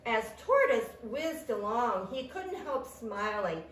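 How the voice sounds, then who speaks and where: A woman's voice: fairly high pitch, slight background noise. A woman reading a children's picture book aloud with sound effects, in an echoey room. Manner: slow, animated read-aloud with sound effects. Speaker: storytime reader. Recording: echoey room, mic at a distance.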